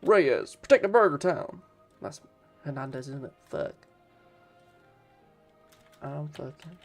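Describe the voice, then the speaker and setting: A man's voice: medium pitch, very animated, takes it slowly, gravelly, faint music behind. A man streaming casually, swearing and bantering with his chat.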